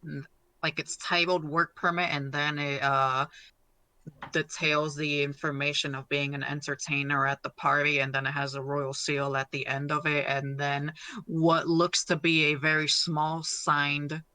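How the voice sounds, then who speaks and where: A man's voice: fairly high pitch, level tone, a little slow, bright, forceful tone, clear, resonant tone. A man playing a tabletop game, describing his actions in a rambling, hesitant way. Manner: rambling, hesitant, with frequent fillers and laughter. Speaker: player. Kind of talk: casual tabletop play.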